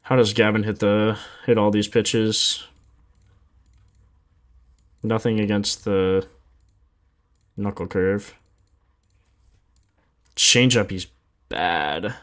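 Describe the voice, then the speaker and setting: A man hosts a betting livestream in a relaxed, slangy way, talking straight to his chat. His voice sits a little low and sounds sleepy, as if he just got up. He reads out stats loosely and keeps it informal. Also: drawn-out words, pauses often. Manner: laid-back, slangy, reads stats aloud and answers chat. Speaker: sports betting livestream host.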